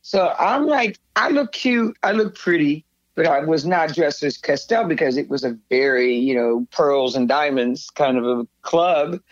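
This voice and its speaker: A woman's voice: low-pitched, a little slow, no room sound. Older woman telling a rambling story. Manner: rambling, animated, with frequent restarts and laughs. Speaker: guest. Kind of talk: storytelling in a conversational interview. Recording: slightly dull, dry sound.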